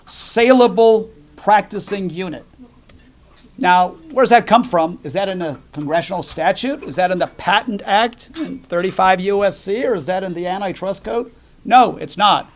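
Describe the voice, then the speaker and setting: A middle-aged man from the United States giving a policy talk at a dinner, telling jokes and stories in a conversational way. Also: sits high. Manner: conversational, jokey storytelling with fillers. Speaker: dinner program speaker.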